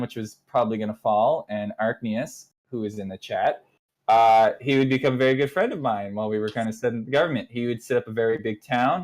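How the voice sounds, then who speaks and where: A young man with a medium-pitched voice rambles through a casual story for an online community. As a nation leader recounting community history, he acts out the exchanges he quotes.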